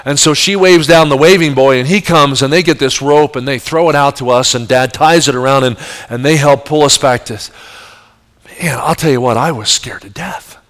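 A mid-range, fairly bright voice belongs to an adult man preaching at a moderate pace. His sermon features a vividly told story with acted-out voices, and he speaks straight to listeners by questioning them.

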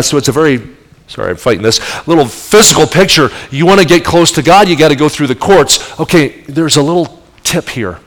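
A middle-aged man preaching a sermon as pastor, animated, with emphatic rising peaks and soft asides. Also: a little high. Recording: long hall reverb.

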